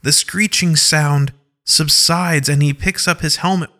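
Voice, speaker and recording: Slow, bright-voiced male story narrator. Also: a little high, fairly even intonation.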